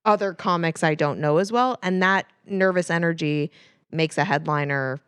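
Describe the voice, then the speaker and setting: An American woman with a lowish, smooth, clean voice talks plainly on a podcast. The sound is dry and close, with no room echo. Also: moderate pace, a bit bright. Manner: frank and swears casually. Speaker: podcast co-host. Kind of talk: casual podcast chat.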